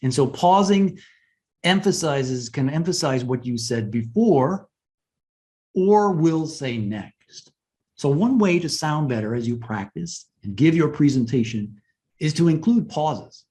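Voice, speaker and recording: A man giving a webinar lesson on presentation skills in a conversational way, often asking "right?" and pausing to stress points. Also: on the high side, lively intonation, a little mellow.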